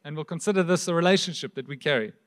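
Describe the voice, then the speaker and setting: South african pastor guy, highish voice, chatty sermon, keeps asking the crowd stuff. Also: racing, fairly bright tone. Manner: conversational preaching with rhetorical questions. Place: church hall.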